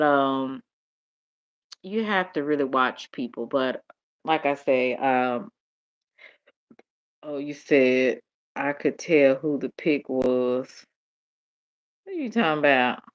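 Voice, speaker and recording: Sleepy low-voiced Southern woman. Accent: Southern US, Dallas. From Tennessee. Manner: drowsy, drawling, laughs often. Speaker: livestream host. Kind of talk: late-night casual chat reading comments. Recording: dull lo-fi stream audio.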